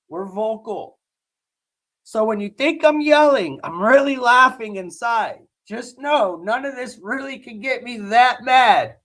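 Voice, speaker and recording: Hoarse male streamer, loud and excitable, high-pitched, talks straight to chat. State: hoarse, losing his voice. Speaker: live-stream host.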